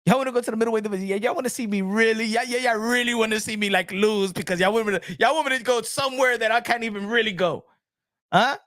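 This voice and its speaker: A man putting on a champion boxer who scoffs quickly at a challenge. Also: high voice, a bit bright. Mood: scoffing.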